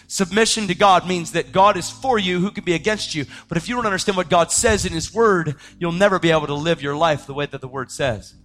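A man preaching his testimony in a dramatic storytelling style, swinging between loud outbursts and hushed tones. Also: high-pitched, a little fast, hardly any pauses. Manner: acts out the voices of people in his story. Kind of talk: testimony sermon.

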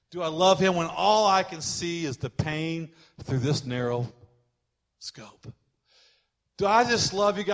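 A man preaching a sermon as pastor, building emphasis and calling on the congregation to repeat after him, slowing down to stress key words. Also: fairly high pitch, fairly bright tone.

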